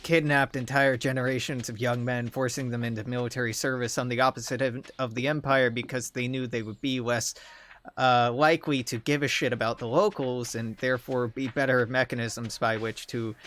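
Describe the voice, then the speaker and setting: A man's voice: mid-range voice, flat delivery, a little fast, fairly bright tone. Man rambling profanely while streaming a game. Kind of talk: casual rambling gameplay commentary. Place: home streaming desk. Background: faint game music.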